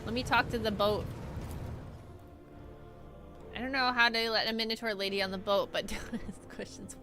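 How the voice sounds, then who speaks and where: Bright, playful young woman streamer. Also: a little high, steady tone, quick pace, faint music behind. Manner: playful, chatty, jokey. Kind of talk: casual gaming stream chat.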